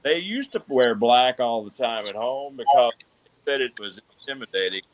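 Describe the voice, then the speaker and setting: A man's voice: medium pitch, expressive, normal speed, no echo. A man co-hosting a casual sports talk show, rambling and hesitant with lots of filler words. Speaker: co-host.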